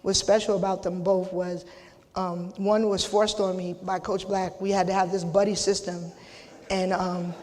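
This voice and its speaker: Middle-aged woman, emotional inductee, choked-up, casual, restarts often, monotone, long reverb. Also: lowish voice. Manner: halting, repeats herself, casual slang. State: holding back tears. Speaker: hall of fame inductee. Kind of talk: emotional acceptance speech.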